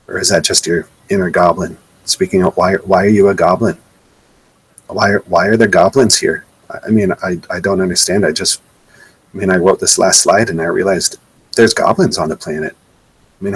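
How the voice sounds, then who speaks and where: A man's voice: low voice, a bit bright, slightly rough, poor audio. A man giving a live webcast slideshow talk in an indignant, sarcastic way, often repeating himself. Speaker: presenter.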